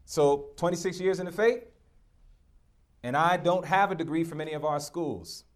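A man's voice: fairly high pitch, normal speed. A middle-aged man preaching a sermon, emphatic and direct, throwing rhetorical questions at his congregation.

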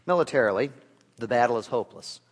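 A male pastor delivering a sermon, with rhetorical questions and dry asides, swinging from loud to hushed. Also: mid-range voice, lively intonation, fast. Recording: long reverb of a large hall.

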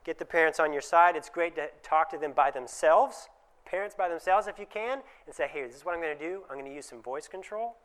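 Man, presenter, conversational talk, fairly high voice, smooth resonant tone, acts out short dialogues. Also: brisk, fairly bright tone. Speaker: dentist giving a presentation. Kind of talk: conference talk to dentists.

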